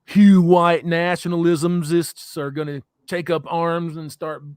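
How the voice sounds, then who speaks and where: A man's voice: fairly high pitch, little pitch movement, measured pace, a little mellow, smooth, dry recording. A man guesting on a livestream, talking casually and emphatically with heavy swearing. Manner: emphatic, profane.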